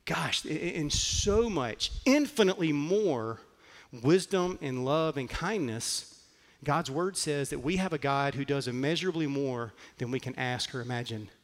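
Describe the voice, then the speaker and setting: Male pastor, sermon, earnest storytelling, slightly high voice, long hall reverb. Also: lively intonation, a little slow. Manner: earnest storytelling with frequent fillers.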